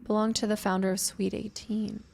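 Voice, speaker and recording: A woman's voice: medium pitch, flat delivery, normal speed, creaky, a little mellow, a little hiss or hum. A woman streaming a game live and chatting casually as she thinks aloud through puzzles. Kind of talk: live gameplay commentary.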